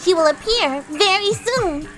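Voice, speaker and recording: A woman voicing an eerie little girl devoted to a witch, speaking in a calm, insistent, unsettling way while reading a visual novel. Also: very high voice, a little slow, music in the background, pitched above the performer's own voice, poor audio.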